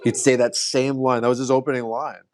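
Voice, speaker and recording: A male podcast guest, mid-pitched and a little fast, tells his story earnestly in relaxed conversation, repeatedly restarting phrases. His voice is close and dry, without room sound or echo.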